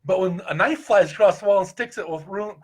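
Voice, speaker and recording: A man's voice: high-pitched, a little fast, breathy edge. A man with a Midwestern American accent, co-hosting a casual chat on paranormal investigation and giving folksy, joking advice. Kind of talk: casual group chat on a show.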